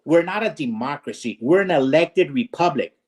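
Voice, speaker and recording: A man's voice: fairly high pitch, expressive, normal speed, darkish tone. A man lecturing and arguing in a heated political debate, combative and profane, firing off rhetorical questions.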